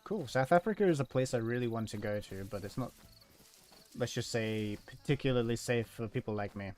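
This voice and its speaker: An easily amused man with an Australian accent chats with his viewers while gaming, rambling from one topic to the next. His voice sits at an ordinary middle pitch, and his talk is peppered with local slang. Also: a little fast, darkish tone. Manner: uses Aussie slang. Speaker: streamer. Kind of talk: casual chat while gaming.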